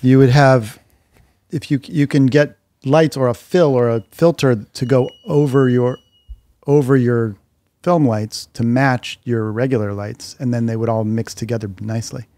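A man's voice: medium pitch, fairly even intonation, normal speed, warm tone, no room sound. A middle-aged man, a film director, chatting wryly as a podcast guest in a living room. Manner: wry, joking. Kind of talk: casual chat.

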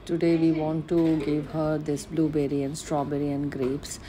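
A deep, dark-toned female voice with completely flat delivery belongs to a mother and home cooking vlogger walking through her baby's meals in a casual home vlog. She speaks unhurriedly and plainly, full of "uh" fillers and restarts, and a little hiss or hum sits under the recording.

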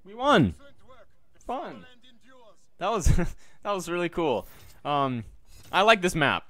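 A man's voice: fairly high pitch, big pitch swings, measured pace, sharp tone. A young man talking casually over his own gameplay, joking and muttering to himself and his viewers, with sudden yelps. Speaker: gaming YouTuber. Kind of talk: live gameplay commentary.

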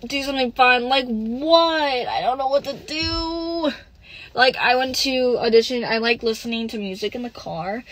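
A young woman on a phone livestream, venting and close to tears, halting, with lots of "like" and "literally" as she reads comments. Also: on the high side, a bit bright, rough recording. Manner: frequent "like" and "literally", halting and upset. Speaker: livestream host. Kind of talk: casual livestream chat, reading comments.

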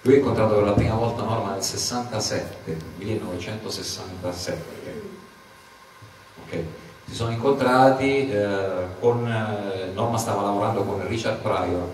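A man's voice: on the low side, normal speed, a little mellow, slight background noise. A man with an Italian accent, hosting a panel and translating back and forth between two languages. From Italy. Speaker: host and interpreter. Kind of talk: bilingual panel talk. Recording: echoey room from far off.

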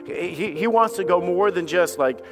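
With music in the background and a moderate pace, a man gives a fiery sermon as a pastor. Repeated words trip him up, and he plays the part of doubting voices with a rising pitch.

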